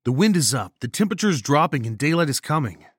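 A woman's voice: sits low, sing-song, fast, husky, no room sound, studio quality, voice pushed up, full character voice. A man voicing Nancy, a tough young woman survivor who talks bluntly and swears, in a horror audio story. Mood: blunt angry. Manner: blunt, swearing, then grieving.

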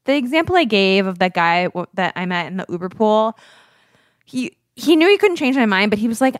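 Woman, podcast co-host, chatty and casual, mid pitch, dry close mic. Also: very animated, a little fast, dry recording. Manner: chatty, lots of "like". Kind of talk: casual dating podcast chat.

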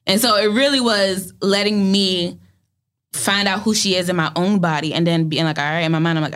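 A young woman, an actor guest in an interview, telling animated stories and acting out quotes. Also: on the low side, fairly quick. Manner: animated storytelling, acts out quotes. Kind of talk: casual interview talk.

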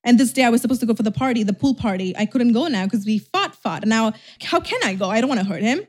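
A young woman influencer telling a storytime vlog, chatty and animated, with lots of "like". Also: on the high side, quick pace.

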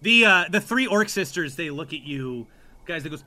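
A man's voice: sits high, animated, fairly quick, sharp tone. A man narrating as game master of a tabletop game, playful and often laughing.

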